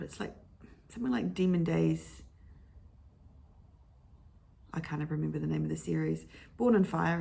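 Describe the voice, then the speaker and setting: A middle-aged woman talks in a relaxed, wandering way from home, fills her thoughts with restarts and small corrections, and keeps a low voice that has a gravelly, slightly husky edge. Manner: rambling, digressive, often restarts and corrects herself. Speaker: vlogger talking about favorite books. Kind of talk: casual chat. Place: at home at her computer with her dog.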